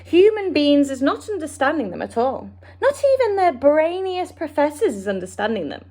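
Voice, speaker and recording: Kindly giant, earnest and muddled in speech, a woman reading him aloud, bright and lively. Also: high-pitched, normal speed. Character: big kindly male giant, odd grammar.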